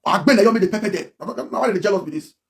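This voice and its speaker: A man's voice: sits high, expressive, rapid-fire, creaky. A man with a Nigerian Pidgin accent ranting on a livestream, emphatic and repetitive. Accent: Nigerian Pidgin English. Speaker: blogger. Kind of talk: livestream rant.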